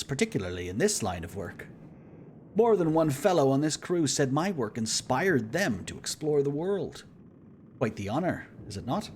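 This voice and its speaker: A man's voice: mid-range voice, darkish tone, a little hiss or hum, voice pushed up, natural voice. A man voicing a boastful, jovial celebrity explorer who speaks in a grand, self-satisfied way.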